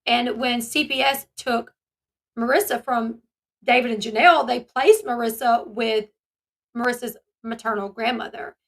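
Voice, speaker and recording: A woman's voice: fairly high pitch, fairly even intonation, moderate pace, creaky. A woman hosting a commentary channel, talking casually and animatedly, retelling events and acting out the people she quotes.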